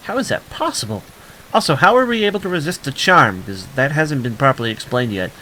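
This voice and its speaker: Let's-play host, male, tired, dry jokes, bright animated voice. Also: mid-range voice, fairly quick, a little hiss or hum. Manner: tired, joking asides. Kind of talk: video game commentary.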